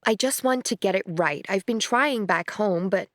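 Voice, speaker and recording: Woman playing a glamorous young actress in an audiobook, gushing and dreamy in her earnestness. Her mid-pitched voice sounds dry and close. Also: normal speed, dry recording, lightly acted. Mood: earnest.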